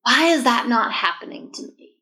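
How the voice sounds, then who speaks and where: A woman's voice: a little high, sing-song, moderate pace, bright, forceful tone, faint music behind. A woman sharing a personal faith story in an earnest, emotional way, as a guest in a conversation.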